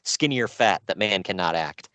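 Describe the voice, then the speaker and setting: A man co-hosting a casual podcast about wrestling shows, sarcastic and animated, laughing often. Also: low-pitched, normal speed, dry recording.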